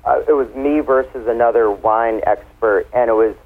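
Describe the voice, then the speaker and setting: A chatty man talks wine with easy, playful explanations, his voice sitting in a middling pitch. He comes through a thin, tinny phone line. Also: steady tone, normal speed. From United States. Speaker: wine expert guest. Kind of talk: casual radio interview.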